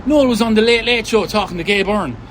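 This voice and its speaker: A man voicing his chatty Irish mother, defensive and animated, in an Irish accent. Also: mid-range voice, a little fast, voice pushed up, close to an everyday voice. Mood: excited. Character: proud older Irish mum, chatty and defensive. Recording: noisy street recording.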